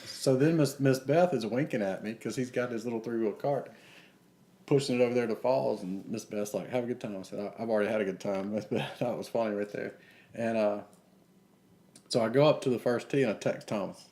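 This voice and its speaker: Low mellow-voiced man telling golf stories. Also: brisk. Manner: rambling anecdotes, acting out quotes. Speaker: podcast co-host. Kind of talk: casual storytelling chat.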